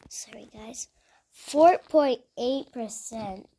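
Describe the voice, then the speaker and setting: Woman, gameplay commentary, higher voice, slow unhurried talk, playful chanting, slips into soft near-whispers. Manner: chatty, often dropping to a soft near-whisper; playful, repeating words in little chants. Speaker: gaming video host.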